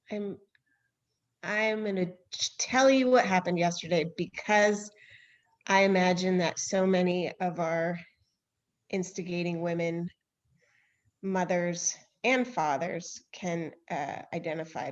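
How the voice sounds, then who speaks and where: A woman's voice: on the low side, takes it slowly. Candid self-deprecating woman co-host, lo-fi call. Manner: candid, self-deprecating storyteller who laughs and sighs often. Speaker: podcast co-host. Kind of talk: casual chat.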